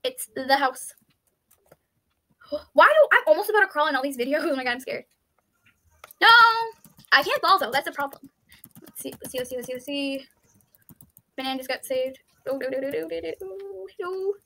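Excitable high-voiced woman gamer. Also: moderate pace, long pauses. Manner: excitable, chatty, repeats pleading "no, no, no" and "please"; thinks aloud, with frequent "let's see" and "I don't understand". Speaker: YouTuber playing an online game. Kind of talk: casual gameplay commentary.

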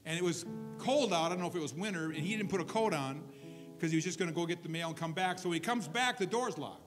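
Pastor, man, high-pitched, relaxed storyteller who keeps checking in with his congregation; guitar music under the sermon. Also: quick pace. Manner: conversational storytelling with asides to the congregation. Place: church service.

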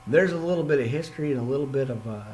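A man leading an informal Bible study podcast, reading scripture aloud and breaking off into excitable, jokey asides. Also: medium pitch, rapid-fire, a little hiss or hum, rough recording. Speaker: podcast preacher.

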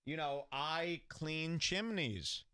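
Male comedy host: sarcastic, jokey, bright tone, dry close sound. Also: a little high, takes it slowly, clear, resonant tone, no room sound. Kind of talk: mocking commentary over a clip.

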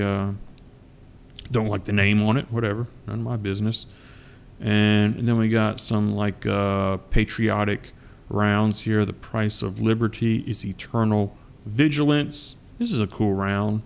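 Man, Southern US accent, middle-aged, gravelly, smooth and resonant, low voice, rambling casual vlog chat. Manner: joking, drawn-out, addresses viewers as guys. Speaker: coin collecting vlogger.

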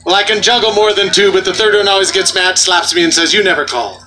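A man performing as a street juggler, bantering and joking loudly with an outdoor festival crowd. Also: high voice, fairly even intonation, fast talker, noisy background. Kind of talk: comedic stage patter.

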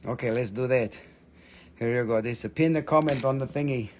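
A man hosting a live-stream mineral sale. He talks in excitable, joking bursts, and his English has non-native phrasing. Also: medium pitch, brisk, slight background noise. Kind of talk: live-stream sales pitch.

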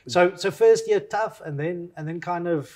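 A man from South Africa co-hosts a relaxed conversation. His voice sits a little higher than usual. He jumps in eagerly and trips over repeated words as he shares his own stories. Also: normal speed, crowd noise. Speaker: co-host, former rugby player. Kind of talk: casual interview chat.

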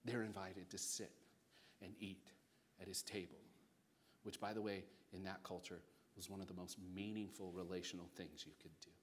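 A male pastor preaching a sermon, acting out voices in his stories, swinging between loud bursts and hushed asides, with jokey remarks. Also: deep voice, normal speed, slight background noise. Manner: animated storytelling, acts out voices, jokey asides.

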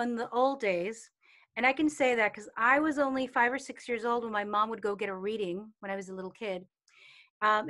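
Woman, fairly high voice, relaxed wellness teacher, chatty, full of fillers, on a video call. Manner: chatty, with many fillers and acted-out quotes. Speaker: meditation and intuition teacher. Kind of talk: casual talk in a live online session.

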